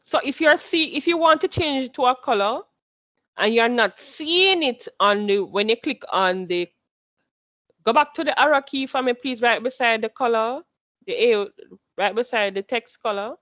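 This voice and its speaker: A woman's voice: a little high, normal speed, fairly bright tone, dry recording, lo-fi sound. A woman teaching a class, patient, who repeats her instructions and quizzes her students as she goes.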